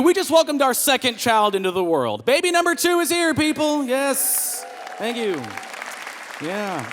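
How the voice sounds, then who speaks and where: A man in his thirties performing a stand-up comedy set on a club stage, telling family stories and jumping into voices for the people in them. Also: a little hiss or hum. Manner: animated storyteller, jumps into high voices for characters. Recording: long reverb of a hall.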